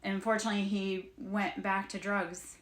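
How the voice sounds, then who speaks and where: A woman hosting a casual livestream as a spiritual reader, talking in a blunt, animated way and swearing casually. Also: mid-range voice, moderate pace. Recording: roomy, echoey room sound.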